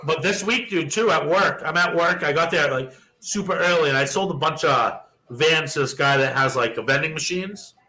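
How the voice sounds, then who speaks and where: Casting: young adult male co-host, a bit high and very bright, profane, animated storyteller. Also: moderate pace, few pauses, poor audio. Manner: profane, animated storyteller who acts out quoted dialogue. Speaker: podcast co-host. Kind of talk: casual storytelling chat.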